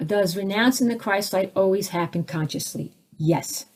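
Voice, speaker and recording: Animated woman teaching spiritual topics. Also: normal speed. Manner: animated, acts out quoted voices with big pitch jumps; takes audience questions, conversational asides. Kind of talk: live spiritual teaching session.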